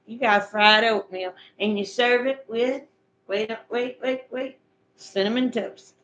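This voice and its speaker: Chatty woman, higher voice. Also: steady tone, takes it slowly, fairly bright tone, low-quality recording. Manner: homespun, chatty, repeats her instructions. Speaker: vlogger chatting with viewers. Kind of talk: casual chat, recipe instructions.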